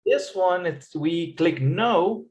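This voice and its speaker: A man's voice: high-pitched, expressive, takes it slowly, darkish tone, low-quality recording. A man tutoring English over a video call, explaining patiently and repeating key points. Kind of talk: online tutoring session.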